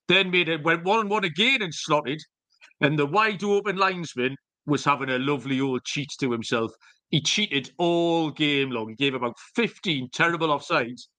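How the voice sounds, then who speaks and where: A man's voice: fairly high pitch, animated, moderate pace, pushed and bright. A middle-aged man co-hosting a podcast, telling rambling, jokey stories with some swearing in casual chat. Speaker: podcast co-host.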